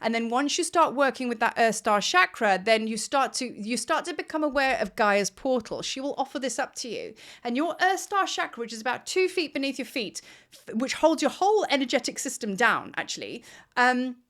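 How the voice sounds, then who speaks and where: A woman's voice: a little high, sing-song, brisk, fairly bright tone. A middle-aged woman, a spiritual teacher talking casually and enthusiastically at her desk at home, repeating words for emphasis. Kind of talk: casual spiritual vlog talk.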